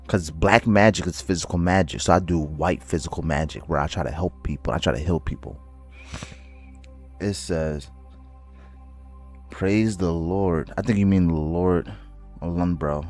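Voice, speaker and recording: A man on a casual livestream, reading viewer comments aloud, talking loosely, calling people bro and stumbling over words when excited. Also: low-pitched. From United States. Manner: stutters and restarts when excited; loose slangy talk, calls viewers bro.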